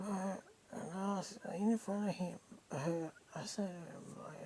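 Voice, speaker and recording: Slow-talking, swearing Australian woman. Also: sits low, steady tone, darkish tone, rough recording. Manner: profane, rambling, emotionally raw. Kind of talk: casual storytelling monologue.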